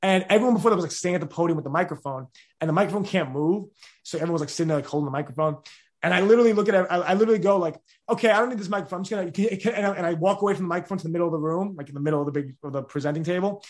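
In a casual, open interview, a podcast host in his 20s is the one answering questions. He talks very fast, rambling and restarting constantly, his slightly high voice full of steady energy.

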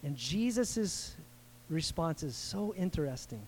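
High-voiced man preaching casually. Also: measured pace, a little hiss or hum. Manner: animated, acts out the people in the story; slangy and conversational. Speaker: pastor. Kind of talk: casual sermon.

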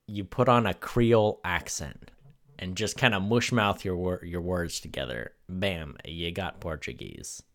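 A man's voice: low voice, a little slow. A man co-hosting a casual comedy chat, delivering playful, mock-outraged opinions. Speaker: podcast co-host.

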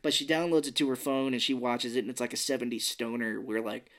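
A man's voice: medium pitch, fast talker, fairly bright tone. A man co-hosting a podcast, retelling a movie plot loosely with frequent swearing and acted-out quotes. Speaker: podcast co-host. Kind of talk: casual movie recap chat.

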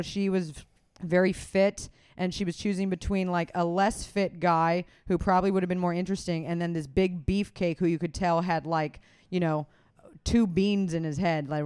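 A comedian hosts a loose, casual chat, rambling from one thought to the next and swearing freely. The voice is smooth and clear, recorded close and dry with no room sound. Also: medium pitch, a little mellow, no room sound. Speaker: comedian and podcast host.

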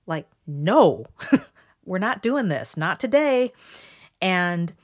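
A woman hosting a solo podcast, calmly walking listeners through a numbered list of points. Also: fairly low pitch. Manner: measured, explanatory, walks through numbered points. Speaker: podcast host.

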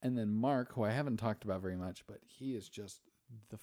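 A young man hosts a podcast, recapping a film in a loose, rambling way, full of swearing and acted-out lines. His voice sits low, and the recording is dry and close. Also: a little fast, warm tone, no room sound. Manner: profane, rambling, acts out characters' lines. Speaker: podcast host. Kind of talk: casual chat, movie recap.

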